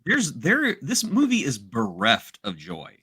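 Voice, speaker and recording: A man co-hosting a podcast in casual, animated chat, exaggerating and slipping into mock voices. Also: mid-range voice, unhurried, breathy edge. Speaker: podcast co-host.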